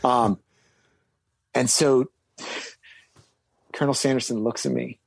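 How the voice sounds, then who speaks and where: A man's voice: mid-range voice, big pitch swings, takes it slowly, gravelly, breathy edge, no echo. A man telling a story from his military service, rambling with many fillers and restarts, and suddenly stressing key words. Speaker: guest recounting military service. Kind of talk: casual storytelling.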